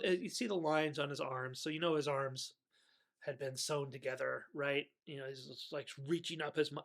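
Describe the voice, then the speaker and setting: A man talks through a classic film in a loose, rambling way, often stopping to correct himself. His voice sits a bit high and sounds bright, with a gravelly fry. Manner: rambling, animated, self-correcting. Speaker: movie reviewer. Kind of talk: casual movie commentary.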